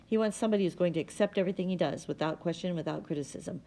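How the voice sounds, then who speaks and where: A woman's voice: fairly low pitch, racing, dark tone, close to an everyday voice. A woman reading the lines of a bitter, rigid middle-aged mother in a clipped, cold way.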